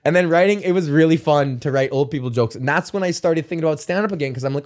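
A man's voice: a little high, fast talker, few pauses, a little mellow. A young man from Canada hosting his solo podcast, rambling casually, swearing a lot and laughing often. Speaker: podcast host. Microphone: podcast mic with camera recording.

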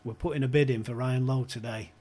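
This podcast guest is a man with a fast, mid-range voice. He's a lively storyteller recounting a humorous football anecdote, performing the quotes and laughing frequently.

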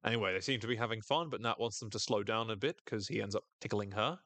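A man's voice: lowish voice, fast talker, no echo. A man co-hosting a podcast, recapping a TV episode in casual chat and acting out quoted lines in exaggerated voices. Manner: animated, jokey, acts out quoted characters in exaggerated voices. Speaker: podcast co-host.

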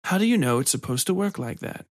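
A man's voice: mid-range voice, very animated, fast talker, no echo, clean studio sound. A man voicing a sly, provocative village priest who taunts in a hissing, insinuating way. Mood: mocking.

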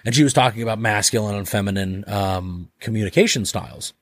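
In a dry, close recording without room sound, a podcast guest talks fairly quickly in a slightly low voice. His casual, rambling conversation is full of "like" and offhand cursing, and he drifts into small acted-out exchanges along the way.

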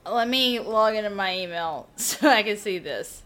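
A woman's voice: medium pitch, lively intonation, moderate pace, fairly bright tone. A woman co-hosting a podcast, teasing her friends in casual banter and laughing often. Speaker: podcast co-host.

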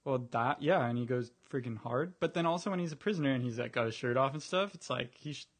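A man's voice: mid-range voice, fast talker. A man co-hosting a casual podcast, speaking hesitantly and often restarting his sentences. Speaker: podcast co-host. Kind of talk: casual chat.

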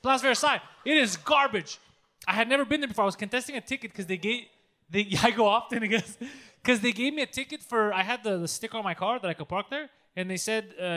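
A man's voice: high-pitched, fast talker, sharp tone. A man co-hosting a podcast in casual banter, joking and teasing, swearing freely. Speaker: podcast co-host.

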